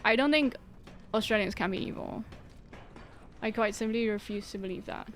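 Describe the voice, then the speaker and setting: At a moderate pace and medium pitch, a woman chats casually on her game stream, with a little hiss or hum in the recording. She jokes and laughs often, growing tired from her workout on a dance pad.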